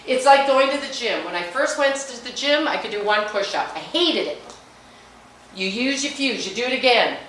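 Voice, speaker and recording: Middle-aged woman, lively motivational speaker, higher voice, heard from a distance in a big reverberant hall. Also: moderate pace, slight background noise. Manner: energetic, chatty, jokey and emphatic. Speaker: speaker at a business luncheon. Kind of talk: motivational talk on meditation. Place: large hall. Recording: echoey hall, mic at a distance.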